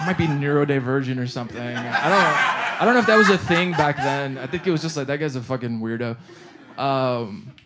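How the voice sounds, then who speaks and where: A man doing stand-up, telling a story in an animated, profane way and laughing through his own lines. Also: medium pitch, brisk, very noisy. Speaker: stand-up comedian.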